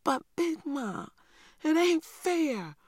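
A proud little boy with a drawl pipes up high and wails his complaints in long, drawn-out words, as a man reads him. The storybook voice sits well above the narrator's own, and the recording is dry and close. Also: sing-song, no room sound, full character voice. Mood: wailing. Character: small indignant boy, proud and easily upset.

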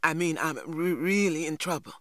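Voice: mid-range voice, moderate pace, no echo, natural voice. A reader voicing a frightened, injured teenage boy, pleading and stammering in a dry recording. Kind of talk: audiobook reading.

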